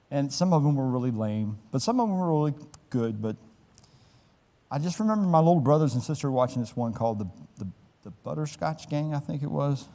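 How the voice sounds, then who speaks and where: A man preaching a sermon as a pastor, in a conversational, folksy way, with lively voices for the people in his stories. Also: medium pitch. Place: church sanctuary. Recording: long church hall reverb.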